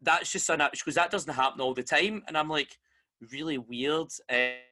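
A Scottish man hosting a casual chat, telling a story with lively energy and acting out the voices of the people he quotes. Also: fairly high pitch, normal speed.

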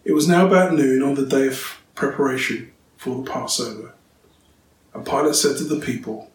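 A man reading scripture aloud and then preaching on it in a steady, clear way. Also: medium pitch, moderate pace. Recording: roomy, distant, faint ambience.

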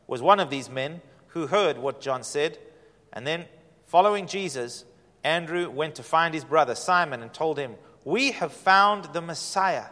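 Male pastor, high voice, earnest and inviting sermon delivery, long hall reverb. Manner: earnest, inviting, shifts from hushed to emphatic.

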